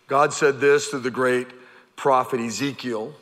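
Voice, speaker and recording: A male pastor preaching an animated sermon, stammering over repeated words and pausing for effect. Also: mid-range voice. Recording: long hall reverb.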